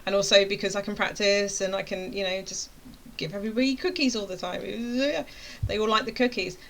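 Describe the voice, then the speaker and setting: A woman's voice: mid-range voice, steady tone, fairly quick. A woman in her thirties, a course creator, telling a chatty story to camera and acting out her own reactions. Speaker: web design course creator.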